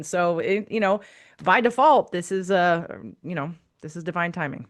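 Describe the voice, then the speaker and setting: A woman's voice: medium pitch, lively intonation, a little fast, fairly bright tone. A woman co-hosting a podcast as a business coach, talking candidly and with animation, swearing freely. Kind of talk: casual podcast chat.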